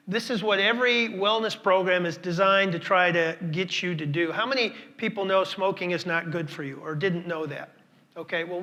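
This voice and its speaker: This conference talk comes from a man whose voice sits high and sounds pushed and bright. He weaves in stories, leans on repetition to stress his points, and keeps questioning his listeners.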